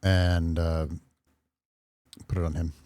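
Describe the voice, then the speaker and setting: A man playing in a tabletop game, speaking in a slow, matter-of-fact way. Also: low-pitched, flat delivery, dark tone, clean tone, no room sound. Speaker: player. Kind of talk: casual tabletop play.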